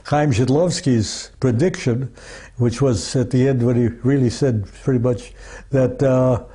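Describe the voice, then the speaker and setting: A man's voice: mid-range voice, a little slow, dark tone, husky. A man being interviewed as an archivist, talking in a rambling, casual way, full of restarts and asides like "you see" and "you know.".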